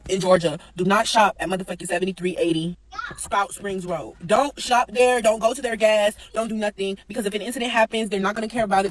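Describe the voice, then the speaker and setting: A woman's voice: medium pitch, slight background noise, low-quality recording. A woman, telling a storytime vlog in a run of emotional, profane venting.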